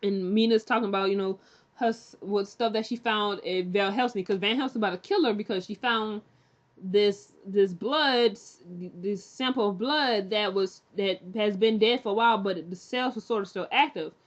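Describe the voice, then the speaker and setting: In a muffled recording, a woman recaps a TV episode in a casual, rambling way, full of fillers and restarts. Her voice is medium-pitched at a moderate pace, and she's chatty and candid, acting out the characters' lines now and then.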